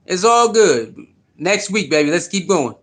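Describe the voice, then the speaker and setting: High-voiced man hyping a livestream. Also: measured pace. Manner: animated, repetitive, slangy, greets chat viewers. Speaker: sports livestream host. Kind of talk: casual livestream sports talk.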